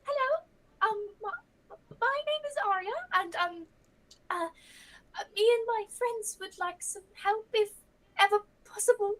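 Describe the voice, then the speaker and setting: A woman's voice: extremely high pitch, measured pace, long pauses, a bit bright, pitched above the performer's own voice, rough recording. A woman voicing a timid, overly polite young woman adventurer in a tabletop game, stammering and apologetic. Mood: nervous. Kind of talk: tabletop role-play.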